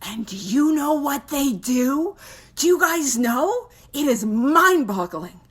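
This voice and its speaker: Chatty high-voiced woman, laughing often. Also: very animated, slow pace, a bit bright. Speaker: podcast host leading a recovery book study. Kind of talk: casual recovery talk.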